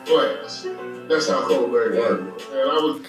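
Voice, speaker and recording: A man's voice: mid-range voice, expressive, fairly quick. A man telling a candid story in a casual way, saying "man" often. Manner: candid, says "man" a lot. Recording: very echoey clip with music.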